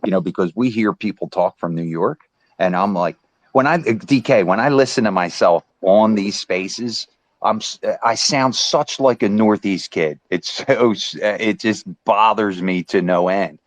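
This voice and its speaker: A man from the US East Coast chatting casually in an online audio space, animated and repeating himself with frequent "right?". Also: on the low side, measured pace, no echo. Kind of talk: casual chat.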